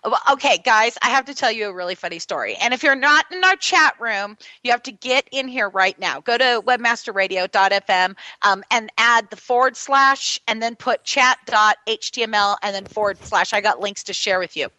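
A woman's voice: a little high, animated, normal speed, few pauses, sharp tone, dry recording, low-quality recording. A woman co-hosting a casual radio talk show, chatting and telling a story with lots of fillers. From California. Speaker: co-host.

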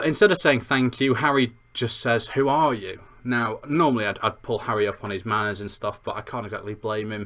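A man's voice: fairly low pitch, a bit bright. A man hosting a podcast, reviewing a book chapter in a rambling, self-deprecating chatty way. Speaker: podcast host. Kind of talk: chatty book review with read-aloud passages.

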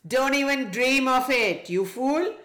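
A woman's voice: high-pitched, unhurried, a bit bright, reverberant. A woman voicing a big, arrogant male puma who roars and sneers at a small insect. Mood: mocking. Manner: roaring and scornful.

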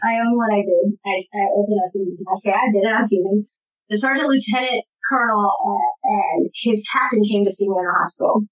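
A woman guest giving personal testimony in an interview, earnest and emphatic, with halting restarts. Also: mid-range voice, low-quality recording.

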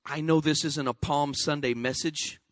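A man's voice: fairly high pitch, steady tone, normal speed, no room sound, clean studio sound. A man pastor delivering an impassioned sermon. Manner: impassioned preaching, dropping to a soft voice in prayer.

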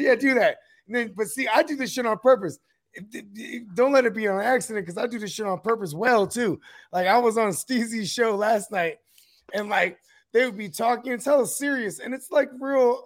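A man hosting a casual sports talk show, animated and joking, full of slang. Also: high voice, normal speed.

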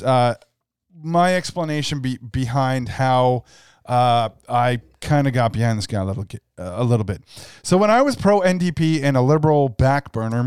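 A man's voice: medium pitch, a little mellow, smooth, dry recording. A man co-hosting a casual podcast, rambling through opinions with dry jokes. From Canada. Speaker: podcast co-host.

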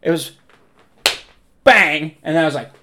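A man's voice: fairly high pitch, unhurried, sharp tone, a little hiss or hum. A young man in casual chat, laid-back and self-deprecating, laughing often as he recounts a night out.

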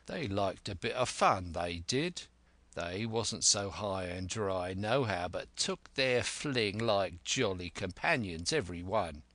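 Rough grumbling coxswain, growling, low and slow, done by a man. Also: animated, bright, forceful tone, full character voice.

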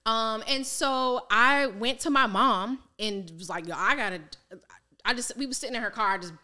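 Woman from maryland, financial coach, high bright voice, chatty and slangy, does everybody's voices. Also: normal speed. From Maryland, United States. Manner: animated, slangy, acts out quoted voices. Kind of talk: candid casual storytelling.

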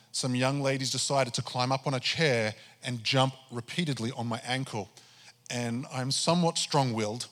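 A man's voice: mid-range voice, big-room sound. A pastor preaching a sermon, telling his own story with animation and acting out his prayers to God. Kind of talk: sermon testimony.

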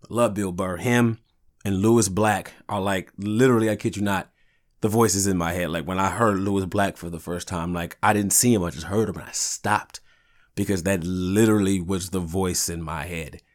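A man's voice: deep voice, steady tone, normal speed. A man in his thirties hosting a podcast, rambling through profane, laid-back stories. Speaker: podcast host. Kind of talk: casual solo podcast monologue.

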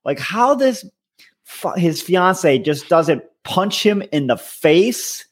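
A man's voice: sits high, animated, takes it slowly. A man co-hosting a casual podcast who talks in a blunt, profane way. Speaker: podcast co-host. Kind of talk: casual chat.

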